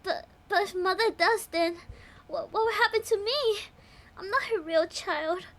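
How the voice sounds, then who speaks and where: A woman's voice: very high voice, measured pace, fairly bright tone. A woman putting on the voice of a shy, nervous nerdy young man who stammers anxiously.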